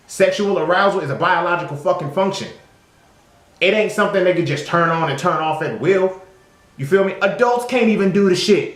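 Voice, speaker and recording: A man speaking in a somewhat high register. He delivers an emphatic, profane monologue in a casual vlog style and keeps checking in with "you feel me?" The recording carries a noticeable room echo. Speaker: vlogger. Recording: echoey room.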